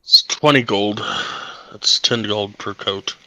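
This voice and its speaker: A man voicing a hesitant male shopkeeper, quoting prices with many pauses and fillers. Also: fairly low pitch, sharp tone, no echo, full character voice. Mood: flat. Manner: haggling, halting with fillers.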